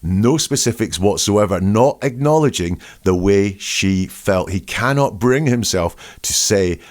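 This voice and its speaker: Brief: male analyst, lowish voice, emphatic, dissects wording line by line. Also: animated, measured pace, darkish tone. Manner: emphatic, picks apart quoted phrases. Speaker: body language and speech analyst. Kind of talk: analytical commentary.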